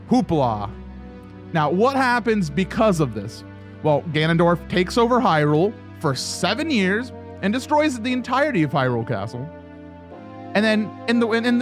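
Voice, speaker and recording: A man hosting a gaming video, giving scripted commentary with playful asides. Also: high-pitched. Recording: faint background music.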